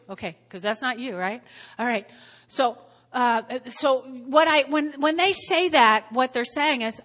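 A woman preaching to a congregation in a high, bright voice. She repeats her key words and calls for responses, dropping to quiet asides before rising to loud emphasis. A long hall reverb follows her lines. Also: moderate pace. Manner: repetitive, call-and-response, swings from quiet to loud. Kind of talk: sermon.

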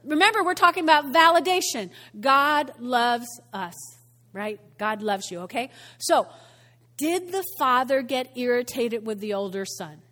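A woman pastor preaching a sermon in a church, animated and conversational, often asking the congregation questions. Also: on the high side, unhurried. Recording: long church hall reverb.

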